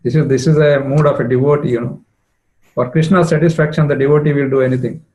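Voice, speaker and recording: A man's voice: medium pitch, fairly even intonation, fast talker, dark tone, low-quality recording. A man retelling a devotional story as a preacher, conversational with frequent fillers. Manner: conversational, many "you know" fillers.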